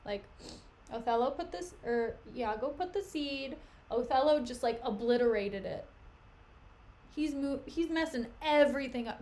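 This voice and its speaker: A woman's voice: high-pitched, measured pace. A young woman streaming, reading a play aloud with chatty, casual commentary full of asides. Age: young adult. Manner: chatty, frequent "like", lively asides.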